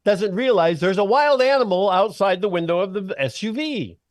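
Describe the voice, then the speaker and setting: A man's voice: high-pitched, normal speed, dry recording, clean studio sound. A man co-hosting a casual comedy podcast, laughing often and telling stories. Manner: laughs often, animated asides. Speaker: podcast co-host.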